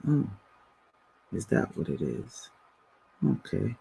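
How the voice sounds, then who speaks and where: A man's voice: medium pitch, expressive, creaky, mellow, breathy edge, poor audio. A man hosting a casual spiritual livestream, telling stories and reading viewer comments aloud. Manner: slow, storytelling, reads out viewer comments. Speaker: livestream host answering viewer questions.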